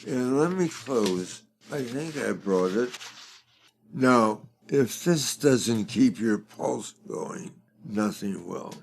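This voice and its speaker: Slow, gravelly older man. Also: medium pitch, lively intonation, slight background noise. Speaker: fundraising expert guest. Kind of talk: conversational podcast interview.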